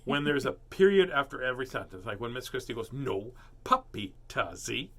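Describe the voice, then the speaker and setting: A man's voice: medium pitch, lively intonation, quick pace. A man reading a children's storybook aloud, doing playful character voices and joking asides. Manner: playful, jokey asides and puns. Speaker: storybook reader.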